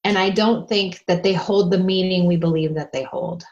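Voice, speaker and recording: A woman co-hosting a parenting podcast, explaining ideas in a calm, advice-giving way. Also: on the low side, moderate pace, dull audio. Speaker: podcast co-host. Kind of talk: casual parenting podcast talk.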